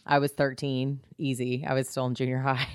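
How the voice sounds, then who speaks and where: A woman's voice: rumbling low, level tone, brisk, clean tone, dry recording, studio quality. A woman co-hosting a podcast, telling long rambling stories in a casual chat. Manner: chatty, rambling storyteller. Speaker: podcast co-host.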